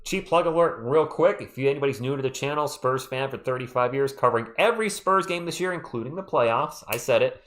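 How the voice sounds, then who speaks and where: A man hosting a casual live play-by-play stream, calling plays and answering chat with an animated delivery while losing his voice. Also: medium pitch. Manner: animated, quick play calls mixed with chat shout-outs.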